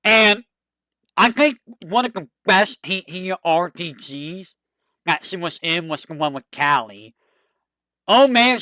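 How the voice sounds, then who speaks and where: A streamer chatting casually to a live audience, rambling and excitable with a fond tone. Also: mid-range voice, slow pace, no echo, clean studio sound.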